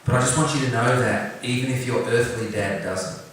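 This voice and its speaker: A man telling a personal story to an audience in an earnest, direct way, with touches of gentle humor. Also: medium pitch, normal speed, slight background noise. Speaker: singer-songwriter talking about his song. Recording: echoey room, picked up from a distance, faint background ambience.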